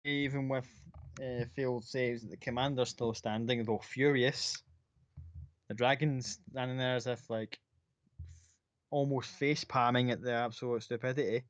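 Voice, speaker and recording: A man narrating a tabletop role-playing game as game master, in a casual, descriptive way, loose and full of filler words. His voice sits at an ordinary middle pitch, recorded dry and close. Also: steady tone, measured pace, dry recording, muffled recording.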